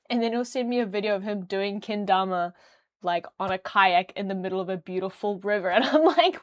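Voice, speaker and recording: A young woman streams and chats casually, rambling from thought to thought with plenty of fillers. Her voice sits in a middle pitch. It is recorded close on a desk mic, dry with no room sound. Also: brisk, dry recording. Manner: rambling, chatty, frequent fillers and laughs. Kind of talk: casual livestream chat.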